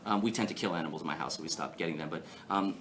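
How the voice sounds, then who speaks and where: A rabbi teaching a weekly class to a live audience in an informal, joking way, often throwing questions to the room. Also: male voice, extremely low pitch, rapid-fire, fairly bright tone, slight background noise. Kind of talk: lively informal Torah lecture.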